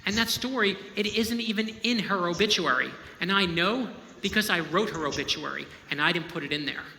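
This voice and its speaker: A man's voice: high voice, fairly quick, creaky, pushed and bright, a little hiss or hum. A man, a novelist, giving an inspirational storytelling talk in a conversational, emphatic way, often checking in with the audience. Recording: echoey hall with long reverb.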